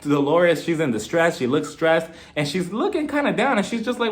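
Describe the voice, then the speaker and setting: A man giving a casual, sarcastic recap of a reality TV episode, animated and quick to laugh. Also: a little high. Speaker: TV recap reviewer.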